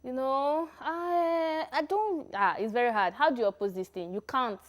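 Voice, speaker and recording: A young Nigerian woman co-hosting a TV studio show, excitable and giggly, often reflective. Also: fairly high pitch, brisk. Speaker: TV show co-host. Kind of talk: lively studio chat.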